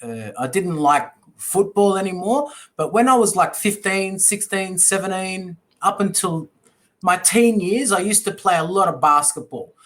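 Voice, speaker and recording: A man's voice: high voice, measured pace. Chatty man tutoring over a video call. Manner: animated storyteller, playful and chatty. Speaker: English tutor. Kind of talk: casual conversation lesson.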